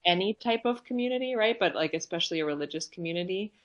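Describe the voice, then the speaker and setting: A woman's voice: lowish voice, lively intonation, fast talker, highs cut off. A woman hosting a casual podcast conversation, reflective and agreeing, with some fillers. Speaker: podcast host.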